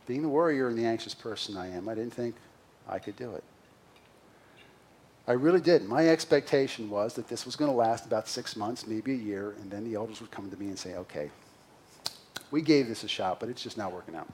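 A middle-aged man preaching a sermon as senior pastor, earnest and confessional, moving between loud emphasis and quiet asides. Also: mid-range voice, moderate pace, a little hiss or hum. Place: church sanctuary.

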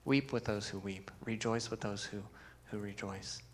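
A man's voice: fairly low pitch, fairly even intonation, normal speed, slight background noise. A man preaching a sermon as pastor, earnest, reading scripture with emphasis and putting questions to the congregation.

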